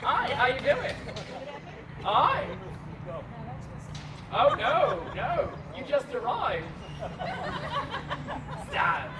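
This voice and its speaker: A man telling a comic story and directing audience volunteers in a loud, theatrical way at an outdoor festival. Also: very high-pitched, wildly swooping pitch, extremely slow, long pauses. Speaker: street theater performer. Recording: echoey, distant, with crowd noise.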